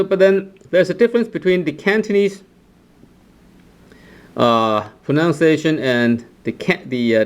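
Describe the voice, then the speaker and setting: A man teaching a pronunciation lesson, saying the example sounds over and over, with lots of "uh" and "right?" tags. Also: mid-range voice. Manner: slow and repetitive, drawing out example sounds with frequent "uh" and "right?". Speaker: Cantonese language teacher.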